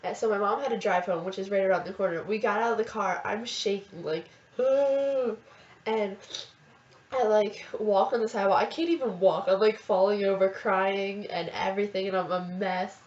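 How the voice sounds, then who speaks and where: A woman's voice: medium pitch, normal speed, a little hiss or hum. A teenage girl casually telling a long story, chatty and gushing, full of fillers. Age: teens. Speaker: vlogger. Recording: roomy, dull lo-fi webcam audio.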